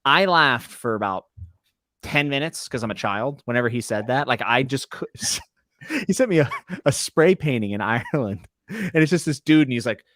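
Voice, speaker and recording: A man's voice: medium pitch, expressive, moderate pace, fairly bright tone, no echo, studio quality. A man hosting a podcast, joking and bantering in a laid-back way. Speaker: podcast host. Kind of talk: casual chat.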